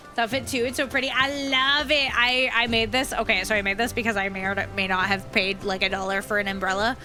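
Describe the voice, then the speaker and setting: A woman streamer chatting casually while playing a game, relaxed and rambling. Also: mid-range voice, fast talker, hardly any pauses, soft background music. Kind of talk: casual chat while gaming.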